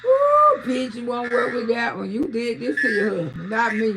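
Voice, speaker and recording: Gravelly woman ranting on a live stream. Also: on the high side, normal speed, very noisy. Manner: loud, laughing, trash-talking. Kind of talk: casual live-stream commentary.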